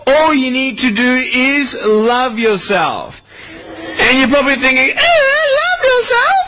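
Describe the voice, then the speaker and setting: In a school hall full of children, an Australian motivational speaker with an extremely high pitch talks a little slowly, animated and playful as he questions his young audience. The live recording is noisy.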